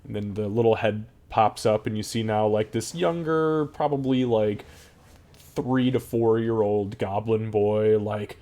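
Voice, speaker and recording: A man's voice: lowish voice, a little slow, mellow. A man narrating as game master in a casual, profane way.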